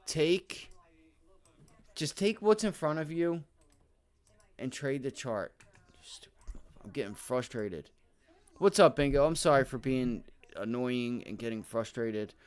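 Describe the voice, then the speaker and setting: This livestream day trading host has a clean voice on the high side. Streaming from his desk, he talks loosely through stock charts, swearing and grumbling under his breath at setbacks, then explaining again to viewers with repeated fillers such as "right?" and "my friend."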